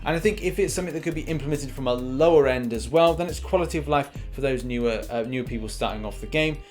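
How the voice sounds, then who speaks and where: A man's voice: mid-range voice, quick pace, darkish tone, soft background music. A man hosting a casual game news vlog, talking in a chatty, rambling way with frequent restarts. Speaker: mobile game news host.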